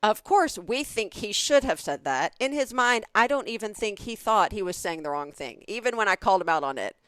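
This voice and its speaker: A woman in her forties with a Southern US accent, co-hosting a podcast and telling a comic story in a lively way, acting out other people's lines. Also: medium pitch, brisk, clean tone, dry recording. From Southern United States. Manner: animated, acts out other people's voices in her stories. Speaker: podcast co-host. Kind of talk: casual comedic storytelling.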